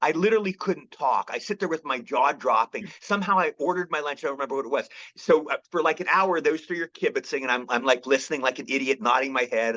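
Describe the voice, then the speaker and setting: A man's voice: fairly high pitch, dull audio. A man in his sixties, an actor guest, telling stories in a casual interview, acting out the lines he quotes. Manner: animated storyteller, acts out quotes. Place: theater lobby.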